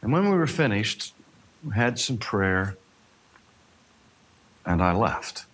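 A man's voice: on the low side, big pitch swings, slow pace, a bit bright. A male minister telling a personal story in a sermon, earnest and reflective, quoting the people he met.

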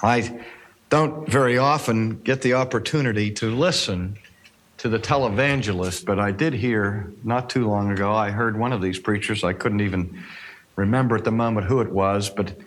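A male minister telling a personal story in a sermon, earnest and reflective, quoting the people he met. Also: on the low side.

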